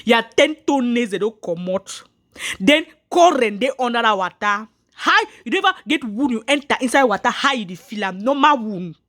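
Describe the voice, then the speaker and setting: A woman's voice: on the high side, animated, moderate pace, fairly bright tone. A woman, telling viewers her own story earnestly, repeating herself and restarting lines. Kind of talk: personal story told to viewers.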